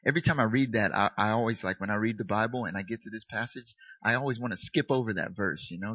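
A man's voice: lowish voice, fast talker, few pauses, a bit bright, dry recording. A male pastor preaching a sermon in a candid, self-mocking, conversational way, heard in a dull, dry recording.

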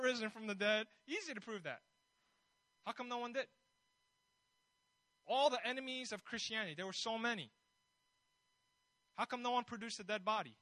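A man's voice: extremely high pitch, bright, forceful tone, no room sound, low-quality recording. A man preaching a sermon in a conversational way, building his points with rhetorical questions and bold emphasis.

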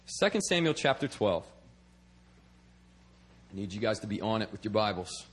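A man's voice: fairly low pitch, big pitch swings, moderate pace, husky. A man preaching a sermon in a conversational way, often checking in with "okay?" and repeating words as he restarts. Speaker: preacher and missionary.

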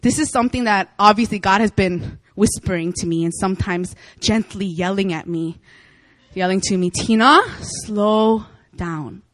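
A young woman preacher giving a casual sermon, chatty and animated, often laughing as she tells stories. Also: medium pitch, moderate pace, no echo. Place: church meeting room.

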